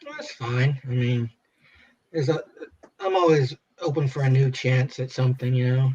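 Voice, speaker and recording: A man's voice: medium pitch, moderate pace, a little mellow. A man in casual podcast chat, laid-back and filler-heavy. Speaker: podcast co-host. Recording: dull lo-fi sound.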